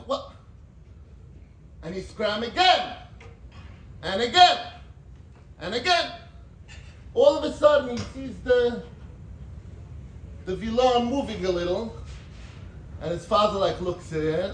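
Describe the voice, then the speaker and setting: A man giving a rabbinic talk. He tells a Hasidic story in an animated way, with sudden shouts and quick asides. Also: high voice, slight background noise. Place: gathering in a large room. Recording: echoey room, mic at a distance.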